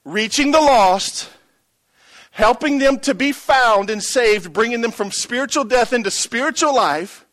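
A man's voice: very high-pitched, expressive, unhurried, fairly bright tone. A middle-aged pastor preaching a sermon, telling a story and calling out to his congregation for a response.

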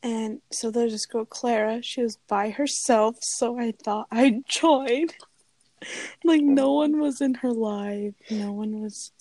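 A young woman co-hosting a podcast, chatting casually with frequent giggles and drawn-out fillers into a close mic. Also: a little high, steady tone, dark tone, dry recording. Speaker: podcast co-host. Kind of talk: casual chat.

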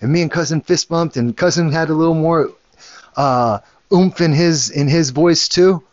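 A man's voice: fairly high pitch, normal speed, darkish tone, no room sound, muffled recording. A man, a father, telling a casual story in a rambling way, with many restarts and the odd curse word. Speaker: father and show host.

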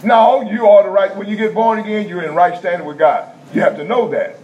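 Preacher guy, fairly high voice, folksy and repetitive with loud emphatic bursts, dull lo-fi recording w faint hum. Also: brisk. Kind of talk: sermon. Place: prison chapel.

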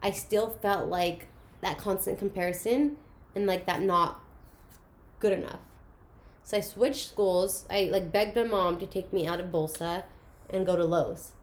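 A young woman recounts her school days in a relaxed, conversational way. She gets animated and acts out the voices of the people in her story. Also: medium pitch, a little slow. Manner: animated, acts out quoted voices, laughs through emotional moments. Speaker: guest sharing her story. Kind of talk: casual personal storytelling.

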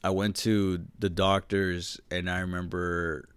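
Podcast co-host, young man, low voice, laid-back and profane, dry close mic. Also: flat delivery, a little slow, smooth, no room sound. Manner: laid-back storytelling, swears and laughs a lot. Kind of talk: casual chat.

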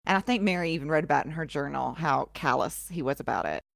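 A woman's voice: deep voice, fast talker, gravelly, no room sound, studio quality. A woman co-hosting a casual podcast who retells history in an irreverent, profane way, full of sarcastic asides. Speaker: podcast co-host.

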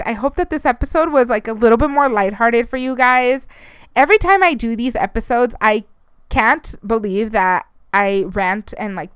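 A woman's voice: fairly high pitch, clear, resonant tone, dry recording, studio quality. Rambling, chatty woman podcast host. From Arizona, United States. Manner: chatty and rambling, swears, mixes in Spanish phrases, laughs often. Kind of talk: casual solo podcast rant.

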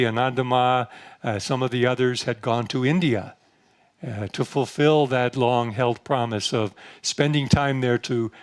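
Monastic speaker addressing a convocation, mid-pitched male voice, gentle and unhurried. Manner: storytelling, gentle, frequent fillers and soft laughs; slows to a measured, guiding pace for meditation instructions. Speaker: monastic spiritual leader giving a talk. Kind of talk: informal spiritual talk to a gathering.

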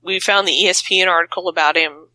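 A woman co-hosting a casual wrestling talk show, chatty and excitable, with teasing asides. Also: on the low side, quick pace, dry recording, low-quality recording. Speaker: podcast co-host.

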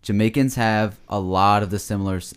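A man's voice: a little fast, clear, resonant tone. A man co-hosting a podcast in casual chat, joking and laughing a lot. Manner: joking, laughs often, lively swings in pitch. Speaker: podcast co-host.

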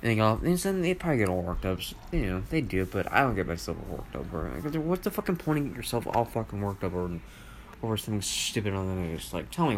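A man with a somewhat low voice talks on his own podcast in a loose, meandering rant. He swears constantly and circles back with fillers and false starts. Faint household noise hums behind him at home. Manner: rambling, profane, lots of fillers and restarts. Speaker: podcast host. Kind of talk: rambling solo podcast rant. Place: at home with family around. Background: faint household noise, dogs and TV.

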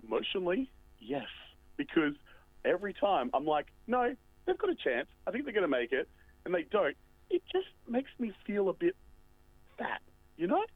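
A man putting on a lonely, self-pitying talking bridge, fairly high and swinging wildly up and down as it rambles near tears. The voice comes through a thin, tinny phone line with no room sound. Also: wildly swooping pitch, moderate pace, no room sound, exaggerated voice. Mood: wounded.

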